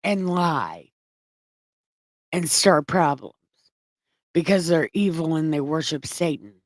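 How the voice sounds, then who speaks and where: A woman's voice: low voice, animated, slow, no room sound. A woman reading scripture aloud and breaking off into irreverent, profane, sarcastic commentary. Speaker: online Bible reader and commentator.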